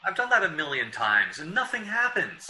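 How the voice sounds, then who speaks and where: A man's voice: a little high, wildly swooping pitch, moderate pace, pushed and bright, exaggerated voice, poor audio. An actor playing a male mystery writer who gets rattled and stammers, in 1940s radio acting. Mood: wry. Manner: flustered, stammering under threat.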